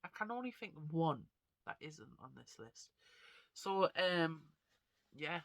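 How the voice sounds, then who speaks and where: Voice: medium pitch, very animated, slow pace, fairly bright tone, no echo. A vlogger and actor with a stuffy, congested nose, chatting casually and rambling to camera. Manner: rambling, chatty, self-deprecating.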